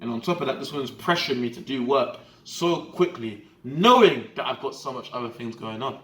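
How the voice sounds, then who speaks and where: A young man telling a story in an animated, slangy way, often checking that the listener follows him. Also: mid-range voice, moderate pace, roomy sound. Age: young adult. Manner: animated slangy storytelling, often asking the viewer "do you get what I'm trying to say". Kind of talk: casual storytime vlog.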